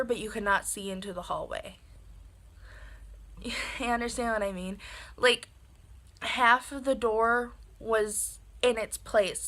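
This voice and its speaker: A young woman telling a personal story in a casual, animated way, with lots of "like" fillers. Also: mid-range voice. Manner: animated, filler-heavy with frequent "like".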